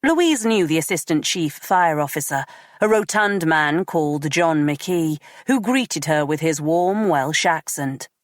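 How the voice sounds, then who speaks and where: A woman narrating a crime audiobook in a measured, even read. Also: sits low, no echo, clean studio sound.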